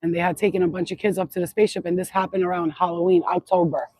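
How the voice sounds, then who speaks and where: A woman's voice: fairly low pitch, level tone, rapid-fire, darkish tone, dry recording, rough recording. A woman channeler chatting outdoors in a yard into a phone, rambling, blunt and swearing freely in a casual spiritual vlog.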